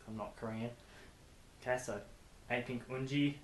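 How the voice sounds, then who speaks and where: A man's voice: medium pitch, steady tone, moderate pace. A young man vlogging casually from his bedroom, chatty and rambling with self-deprecating asides. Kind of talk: casual chat to camera. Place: bedroom with posters. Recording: echoey room with faint hiss.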